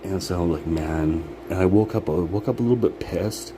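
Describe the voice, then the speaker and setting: Low-voiced man rambling, laughing, swearing. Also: quick pace, warm tone. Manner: rambling, profane, laughs often. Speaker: vlogger. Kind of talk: casual motivational monologue. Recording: background noise, air conditioning hum.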